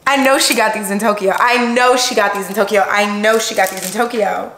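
A woman, chatting excitedly to viewers while unboxing gifts at home, gasping and gushing as she goes. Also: medium pitch, fairly quick, gravelly, few pauses. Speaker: vlogger. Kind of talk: casual unboxing vlog. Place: room at home. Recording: echoey room with background noise.

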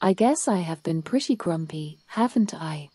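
A woman's voice: lowish voice, lively intonation, moderate pace, warm tone, husky, dry recording. A woman voicing a grumpy little male storm cloud in a bedtime storybook, grumbling and sulky. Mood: softened.

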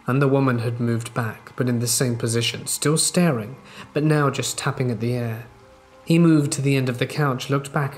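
A man narrating true scary stories in a calm, measured storytelling way. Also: medium pitch. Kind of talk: scripted narration. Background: faint rain ambience.

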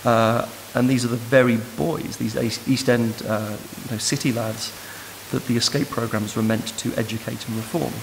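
A man giving an academic lecture in a measured, thoughtful way, recorded in a lecture room. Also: mid-range voice, fairly even intonation, creaky. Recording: noisy hiss in a reverberant hall.

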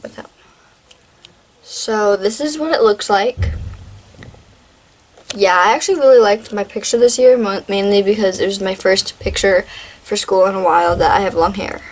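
A woman's voice: medium pitch, normal speed, pauses often, rough recording. Chatty teenage girl vlogger. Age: teens. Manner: chatty and rambling, full of "like" and restarts. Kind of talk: casual show-and-tell vlog.

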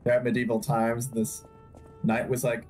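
A man's voice: medium pitch, completely flat delivery, moderate pace, darkish tone, faint music behind. A man chatting and teasing a friend during a casual let's-play. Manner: laughing, teasing. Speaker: co-commentator.

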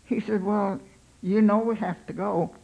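An older woman, a pastor's wife, telling her life story in an unhurried, halting way, voicing her own thoughts aloud. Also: medium pitch, fairly even intonation, vocal fry, muffled recording.

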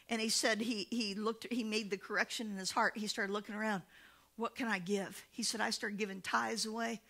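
A woman pastor preaching a sermon in church, telling stories with lively acted-out quotes. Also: fairly high pitch, normal speed. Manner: animated storytelling, acting out quoted voices. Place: church sanctuary.

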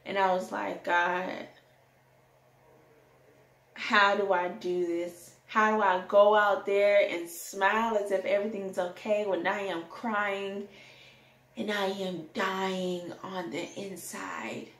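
A young adult woman telling a candid personal story in a rant, animated and sometimes breaking into song. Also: mid-range voice, takes it slowly. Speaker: vlogger. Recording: echoey room.

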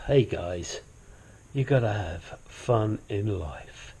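A man's voice: on the low side, lively intonation, very slow, creaky, darkish tone, breathy edge. A man hosting a home mechanic channel, chatting casually through a brake and control arm job, swearing now and then and wandering into asides. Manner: puts on a silly accent at times. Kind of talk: casual how-to narration while working.

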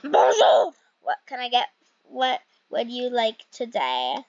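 A woman voicing a cheerful café server who greets customers in a bright, loud, chirpy way. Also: a little high, sing-song, slow pace, no echo, heavily acted. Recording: dull lo-fi mic.

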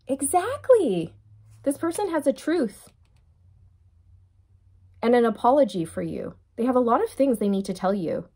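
A woman's voice: on the high side, big pitch swings, a little slow, pauses often, a little mellow, slightly rough. Giggly chatty woman reading tarot. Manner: giggly, bursts into laughter; chatty, addresses viewers directly. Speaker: tarot reader. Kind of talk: casual tarot reading to camera.

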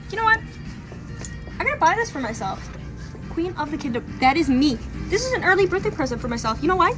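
A woman's voice: very high-pitched, very animated, fast, low-quality recording. A woman acting out a rude, entitled shopper in a comedy skit, sneering and self-important. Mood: snooty. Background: loud background music.

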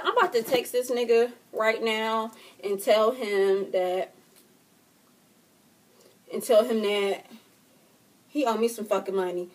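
Fiery young woman ranting, high voice. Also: steady tone, measured pace. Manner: profane, dramatic, swings between loud outbursts and quiet hurt. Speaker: vlogger. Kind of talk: comedic rant to camera.

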